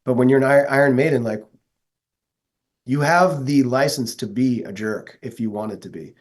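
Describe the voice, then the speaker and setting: A man's voice: mid-range voice, moderate pace. Earnest man chatting in an interview. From Northeastern United States. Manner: earnest, enthusiastic storyteller. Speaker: guest, metal vocalist. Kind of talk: casual interview chat.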